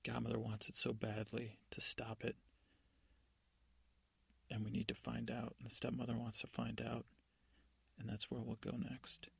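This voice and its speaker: A man's voice: mid-range voice, completely flat delivery, moderate pace, vocal fry, pauses often, slightly rough, no echo. A man improvising a story as a podcast host, narrating in a rambling way with restarts.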